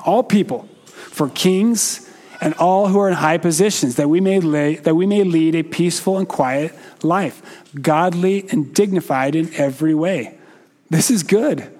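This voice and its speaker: A man preaching a sermon in a slow, measured way with frequent pauses, sometimes putting questions to the congregation. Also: fairly high pitch, darkish tone.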